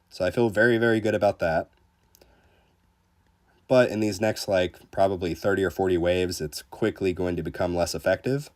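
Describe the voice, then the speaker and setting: A gaming livestreamer with a fairly low voice hosts a relaxed stream, reading viewer comments aloud and answering them. He's laid-back, chatty and joking, and he often stumbles and restarts his sentences.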